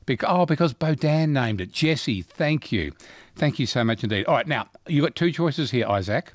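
An Australian man runs a radio quiz from the studio, chatty and quick to cheer his callers. His voice is medium in pitch, recorded close and dry. He leaps up in pitch when someone gets an answer right. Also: animated, no room sound. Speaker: radio host. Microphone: studio microphone.

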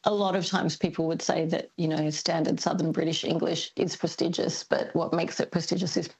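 A woman speaking as an expert guest on a talk radio program. Her voice sits a little low with a creaky edge, and she explains things carefully and warmly, pausing on ums. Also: level tone. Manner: thoughtful, explanatory, many ums. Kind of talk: radio interview.

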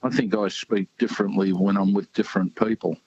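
An older man, calling in to a radio show over the phone, plain-spoken and a little halting. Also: fairly low pitch, steady tone, gravelly, darkish tone, a little hiss or hum. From Sydney, Australia, born in New Zealand. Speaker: caller. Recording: muffled phone line.

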